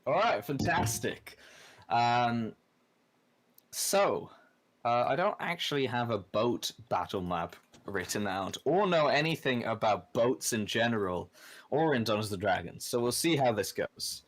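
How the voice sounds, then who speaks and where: Aussie man, game master, rambling narration, mid pitch. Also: lively intonation, measured pace. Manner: rambling, many filler words.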